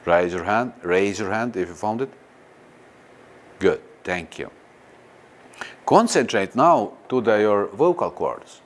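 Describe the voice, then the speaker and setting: A man teaching a guided meditation in non-native, halting English, often pausing to question a live audience. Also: lowish voice. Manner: slow and lively, questions the audience. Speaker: spiritual teacher.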